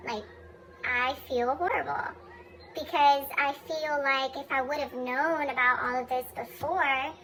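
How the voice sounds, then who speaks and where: A woman's voice: high-pitched, fairly even intonation, measured pace, fairly bright tone, a little hiss or hum, low-quality recording. A young woman talking candidly in a personal vlog, blunt and profane with a self-mocking streak. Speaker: vlogger.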